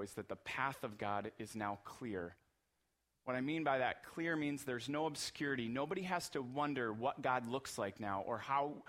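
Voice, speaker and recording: A man's voice: mid-range voice, fairly bright tone. A man preaching a sermon as pastor, earnest and emphatic, repeating phrases for rhythm.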